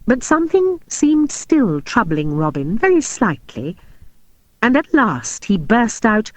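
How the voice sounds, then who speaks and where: A woman narrating a storybook in an expressive, animated reading. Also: fairly low pitch, measured pace, no echo. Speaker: audiobook narrator.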